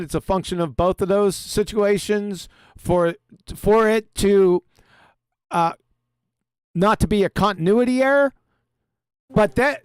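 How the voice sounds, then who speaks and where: High-voiced man hosting a livestream. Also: clear, resonant tone, dry recording. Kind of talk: casual livestream chat and reading aloud.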